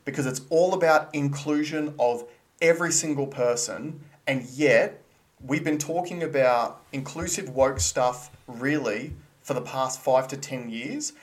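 A man's voice: mid-range voice, measured pace. Man, co-host, casual chat, blunt, earnest, questioning. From Australia. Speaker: podcast co-host.

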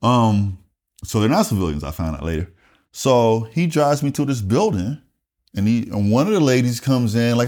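A man's voice: medium pitch, normal speed. A middle-aged man from South Carolina, a retired Air Force master sergeant, telling stories casually with lots of swearing and acted-out dialogue. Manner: animated, profane, acts out dialogue. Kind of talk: casual storytelling interview.

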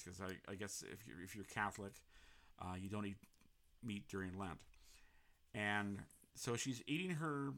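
Guy hosting a chat show, bright tone, keeps restarting his sentences. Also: medium pitch. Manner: rambling, many restarts and fillers. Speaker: podcast host. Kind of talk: casual interview chat.

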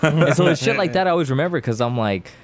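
Fast and expressive, with a fairly high voice, this podcast storyteller casually spins crude, slang-filled stories for his friends. He laughs between his lines.

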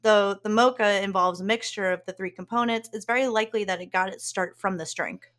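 A woman's voice: medium pitch, steady tone, fairly quick, a bit bright. A woman co-hosting a podcast, explaining things in casual chat and laughing often. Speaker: podcast co-host.

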